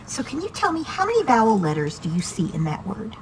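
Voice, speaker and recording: A woman's voice: fairly high pitch, huge pitch swings, fast talker, a little hiss or hum, low-quality recording. A woman teaching reading one-on-one to a student, patient and encouraging, asking many questions.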